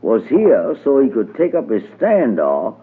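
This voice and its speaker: A man's voice: medium pitch, wildly swooping pitch, measured pace, breathy edge, exaggerated voice. A man voicing a sly, wheedling male rabbit in a storybook tale, drawing out his coaxing words, on a tinny old radio recording.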